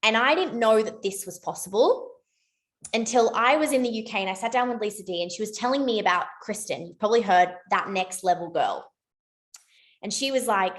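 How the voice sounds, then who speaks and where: A young woman giving a casual motivational talk to her sales team, chatty and rambling, with lots of "like" and quick self-corrections. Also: medium pitch. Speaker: network marketing team leader.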